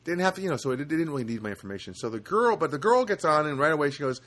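A man's voice: fairly high pitch, expressive, very fast, fairly bright tone. A man hosting a solo podcast, talking casually and rambling, with lots of fillers and restarts. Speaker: podcast host.

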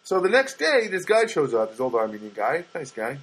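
Husky-voiced rambling podcast man. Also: fairly high pitch, wildly swooping pitch, brisk, fairly bright tone, low-quality recording. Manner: rambling, self-deprecating, lots of fillers. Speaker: podcast host. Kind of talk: casual rambling storytelling.

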